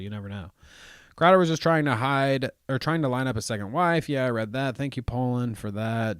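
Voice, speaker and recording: A man's voice: mid-range voice, a bit bright, no room sound, studio quality. A young man from Ohio hosting a casual livestream, reading viewer comments aloud with a sarcastic, joking manner and frequent laughs. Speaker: live show host reading chat.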